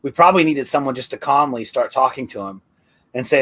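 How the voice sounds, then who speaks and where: A man's voice: medium pitch, fairly quick, fairly bright tone. A man on a casual live panel talk who argues emphatically and drives his points home by repeating them. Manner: emphatic, hammering repetition.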